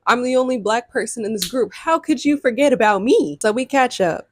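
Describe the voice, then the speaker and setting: A young adult woman with a fairly high, animated voice talks briskly through a casual storytime vlog as a YouTube storyteller. She's chatty and loose, packing her speech with "like" and often calling her audience "y'all." The recording has a slight hiss or hum.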